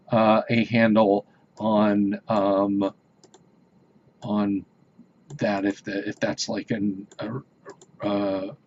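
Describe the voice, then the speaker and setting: A man hosting a casual livestream, chatting with viewers in a rambling, hesitant way with many fillers and restarts. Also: fairly low pitch. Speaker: livestream host. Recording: dull lo-fi stream audio.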